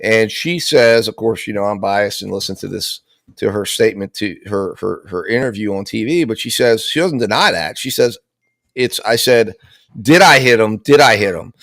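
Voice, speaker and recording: A man's voice: lowish voice, normal speed, vocal fry, a bit bright, dry recording, studio quality. Rambling man commenting on a trial. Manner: rambling, many restarts and repeated words. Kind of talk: casual legal commentary.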